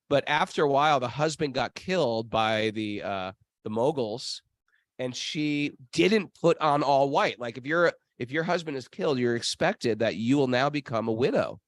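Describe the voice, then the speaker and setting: A man's voice: medium pitch, normal speed, no room sound. Guy host rambling thru a story, lots of um and restarts, dry close sound. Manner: rambling, animated, many restarts and fillers. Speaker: podcast host. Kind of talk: casual storytelling chat. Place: travel spot near temples.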